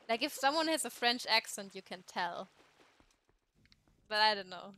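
German-accented woman streamer, unhurried, bright voice, casual and swearing, self-deprecating chat. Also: mid-range voice, animated. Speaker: let's play streamer.

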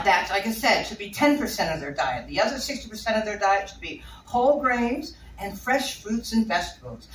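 A woman giving a casual talk about keeping birds, chatty and rambling, laughing often. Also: on the high side. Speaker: bird keeper giving a talk. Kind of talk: casual talk to a small audience. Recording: echoey room, distant mic, faint noise.

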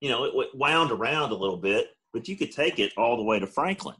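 Lively husky-voiced man telling a story. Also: fast. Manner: animated, mimics friends in high voices. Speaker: podcast co-host. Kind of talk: casual storytelling.

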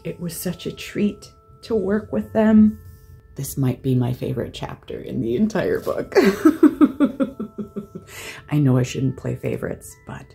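Low, slow-talking woman art vlogger. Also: creaky, husky. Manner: gushing, soft-spoken, often laughing. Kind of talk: casual vlog chat and voice-over narration.

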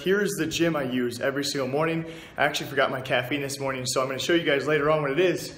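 A man's voice: medium pitch, fairly even intonation, fast talker, a bit bright. A young man vlogging casually to camera, upbeat and chatty, talking to his viewers as guys. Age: young adult. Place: at home, in a stairwell, at a gym.

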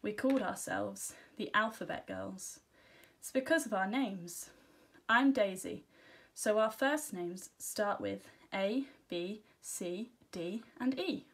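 A woman teacher reads a children's storybook aloud. Her first-person narration is gentle and expressive, and her voice sits at an ordinary middle pitch. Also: takes it slowly, breathy edge. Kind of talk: storybook reading.

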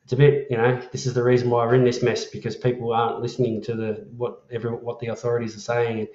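A man's voice: medium pitch, completely flat delivery, quick pace, darkish tone. Chatty Australian man, echoey lo-fi sound. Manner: chatty, matey, swears freely. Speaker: livestream host. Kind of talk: casual live chat reading viewer comments.

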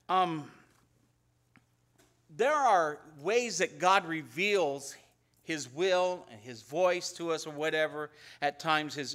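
A pastor telling Bible stories in a conversational sermon and acting out the dialogue. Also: male voice, on the high side, a bit bright. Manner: conversational storytelling, acts out biblical dialogue. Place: church.

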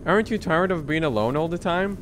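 A man reading game dialogue aloud as a soft-spoken, creepy male doll shop owner who talks calmly and quietly. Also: medium pitch, normal speed, slight background noise, close to an everyday voice. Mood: coaxing. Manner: calm, quiet and unsettling.

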